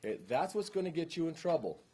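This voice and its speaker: A man's voice: a little high, sing-song, fast talker, mellow, breathy edge. A man teaching a police training class, speaking informally and often checking in with the room.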